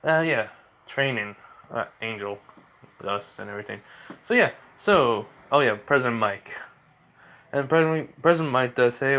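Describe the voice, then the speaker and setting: Brief: teen boy, mid-pitched, rambling casual fan storytelling. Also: expressive, moderate pace, long pauses, sharp tone. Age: teens. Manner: rambling, with fillers and restarts.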